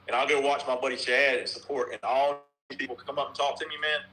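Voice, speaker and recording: Bright-voiced rambling casual man. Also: mid-range voice, steady tone, quick pace, poor audio. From North Carolina, USA. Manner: rambling, repeats himself, swears casually. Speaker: softball bat reviewer and podcast guest. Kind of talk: casual podcast chat.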